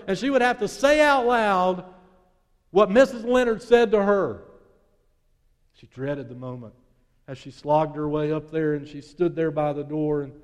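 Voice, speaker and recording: Man preaching in a reverberant hall. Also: high voice. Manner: storytelling, dropping to hushed tones and then swelling. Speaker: pastor. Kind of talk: sermon.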